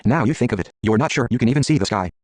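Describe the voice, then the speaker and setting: A man reading a text adventure game aloud in a brisk, matter-of-fact way. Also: medium pitch, lively intonation, darkish tone, dry recording.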